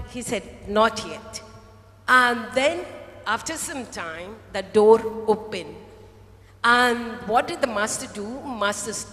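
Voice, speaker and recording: A woman preaching a sermon to a congregation, telling a story slowly and acting out the voices of a potter and a clay cup. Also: a little high, fairly bright tone. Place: large hall. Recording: echoey hall, voice from off-mic.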